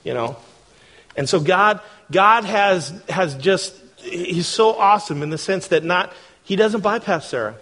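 Conversational preacher with a higher voice. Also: male voice, a little slow. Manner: conversational, animated, asks the congregation questions. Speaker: pastor. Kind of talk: sermon.

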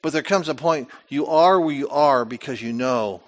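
A male pastor preaching a sermon, retelling scripture with animated, dramatic storytelling and frequent rhetorical questions. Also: mid-range voice, normal speed, background noise.

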